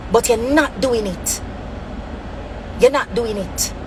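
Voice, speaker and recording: A woman's voice: on the high side, slow pace. Jamaican lady host going off on a topic, patois and english mixed, pushes her points hard, bit of noise behind. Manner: emphatic, repetitive, speaks in Jamaican Patois and English. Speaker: commentary channel host. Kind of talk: impassioned spoken commentary.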